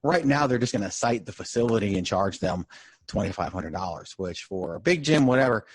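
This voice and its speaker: A man's voice: fairly low pitch, animated, fairly quick, slightly rough. A man co-hosting a casual podcast with a dry, sarcastic delivery, recorded over a video call. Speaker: podcast co-host. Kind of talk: casual chat. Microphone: webcam video call.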